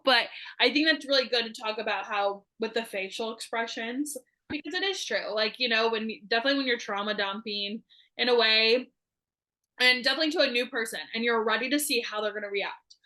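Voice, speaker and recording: A woman's voice: fairly high pitch, brisk, sharp tone. A woman hosting a podcast, chatting casually and rambling a bit with lots of fillers. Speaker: podcast host. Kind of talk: casual chat.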